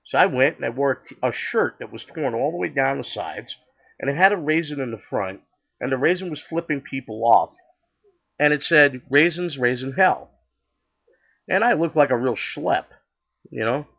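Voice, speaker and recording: A man's voice: mid-range voice, lively intonation, moderate pace, gravelly, muffled recording. An older man casually telling his personal faith testimony, chatty and acting out the dialogue with many restarts. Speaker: storyteller sharing his testimony.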